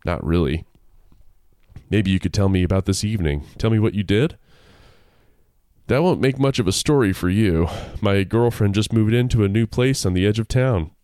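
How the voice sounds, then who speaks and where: Guy reading a spooky story on a podcast, low voice, dry close sound. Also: lively intonation, fairly quick, a little mellow, dry recording. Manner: reads aloud with playful asides and laughter. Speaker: podcast co-host. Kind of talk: casual chat and story reading.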